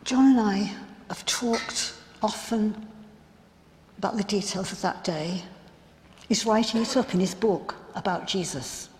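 Martha, a woman playing a slow, grieving sister. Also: mid-range voice, a little hiss or hum, close to an everyday voice. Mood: reflective. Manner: earnest, reflective, halting storyteller. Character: grieving biblical sister of a raised man, earnest and reflective. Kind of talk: first-person dramatic monologue. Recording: long hall reverb.

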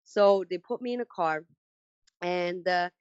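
A woman being interviewed, telling a personal story in a casual, animated way and acting out what people said. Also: on the low side, unhurried, smooth, no echo. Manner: animated storyteller who acts out quoted dialogue; frequent fillers and restarts, casual phrasing. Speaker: interview guest. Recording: dry, slightly dull lo-fi audio.

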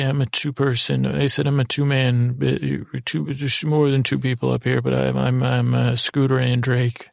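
A man's voice: mid-range voice, gravelly, no room sound, studio quality. A man telling a rambling, improvised sleep story, meandering and hesitant, with many restarts. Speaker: podcast host.

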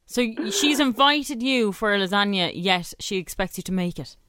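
A woman co-hosting a casual chat show, giving relaxed, matter-of-fact advice. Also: medium pitch, normal speed, a little hiss or hum. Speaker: co-host.

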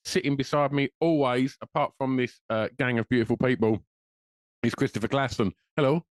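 A man's voice: medium pitch, a little fast, no echo. A middle-aged man co-hosting a live podcast, joking and swearing freely in casual banter, with filler words along the way. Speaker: podcast co-host.

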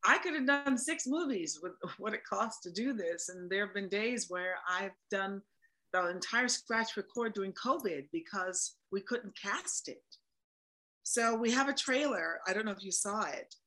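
A woman's voice: mid-range voice, lively intonation, moderate pace, pushed and bright, poor audio. A woman, a voice actor and producer, talking animatedly and with emphasis as a guest in a casual interview.

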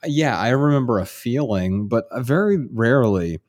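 A man's voice: mid-range voice, lively intonation, normal speed, darkish tone. A man hosting a podcast, chatting thoughtfully and a little hesitantly with a guest over a video call. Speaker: podcast host.

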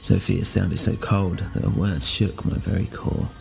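A man's voice: sits low, steady tone, unhurried, creaky, darkish tone, soft background music. A man narrating a first-person audio drama in a brooding, introspective way.

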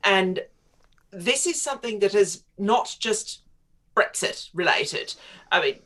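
A woman's voice: mid-range voice, animated, slow pace, a bit bright. A woman in her fifties, a guest writer on a radio talk show, chatting in a digressive way and laughing often.

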